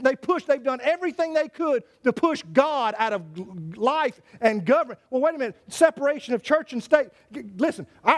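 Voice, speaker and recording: A man preaching a sermon as pastor, impassioned, repeating and restarting phrases as he drives his points home. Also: very high voice.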